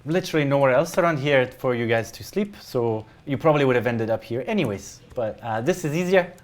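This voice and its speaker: A man with a natural, mid-range voice speaks briskly with lively intonation, playing a friendly, chatty halfling woman who leads her town. He gives her a Scottish accent and a chirpy, welcoming manner.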